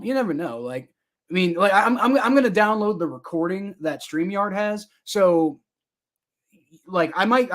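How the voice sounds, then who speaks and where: Host, male, fairly high voice, rambling live sports reaction, answers chat on the fly. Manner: rambling, chatty, talks back to viewer comments.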